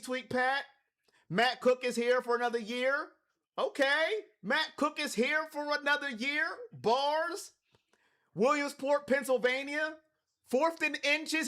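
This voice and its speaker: A man from Cleveland hosting a live watch party stream, calling plays and talking to his chat. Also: very high voice. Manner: hypes chat, shouts on big plays.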